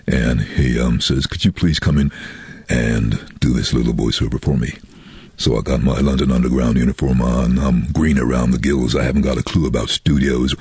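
A middle-aged man who works as a voiceover artist, telling animated anecdotes in an interview with a very deep, husky voice. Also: dry recording. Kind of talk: casual storytelling in an interview.

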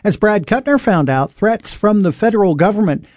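A man anchoring a local radio newscast, reading the news in a measured, even way. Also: sits high, dry recording, studio quality. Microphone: studio microphone.

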